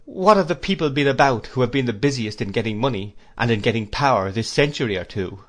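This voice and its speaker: A man's voice: mid-range voice, lively intonation, fast talker, natural voice. A man reading aloud, voicing a grave, shrewd middle-aged male lawyer who speaks in pointed questions. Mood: wry.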